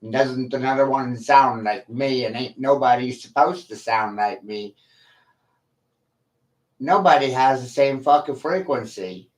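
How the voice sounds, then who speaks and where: On a livestream rant, a medium-pitched man drags every line out at a slow, heavy crawl, leaving long pauses between jabs. He curses freely and comes off combative, boastful, and full of himself.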